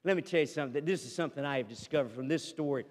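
A man preaching a sermon as pastor, telling a story with dramatic swings between loud declarations and hushed asides. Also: mid-range voice, rapid-fire, long reverb tail.

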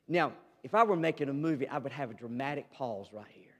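A man preaching a sermon as pastor, telling a story with dramatic swings between loud declarations and hushed asides. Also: mid-range voice, animated, fast, big-room sound.

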